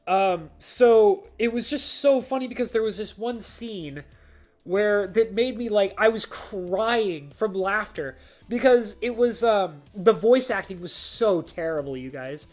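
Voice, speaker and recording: A man hosting a casual live stream, rambling with lots of filler words and frequent laughter. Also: sits high. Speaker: streamer host.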